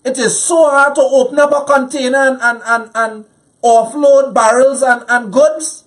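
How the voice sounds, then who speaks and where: A man's voice: extremely high pitch, steady tone, moderate pace, fairly bright tone. Man, Trinidadian accent, angry, emphatic, repetitive, political talk show rant.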